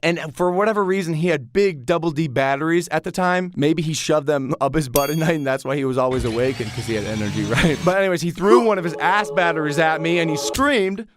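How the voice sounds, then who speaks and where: A man's voice: a little high, fast talker, hardly any pauses, very noisy. A young man in his twenties telling a crude, exaggerated comic story and acting out the quotes, with music behind him. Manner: animated, exaggerated, crude humor, acts out quotes.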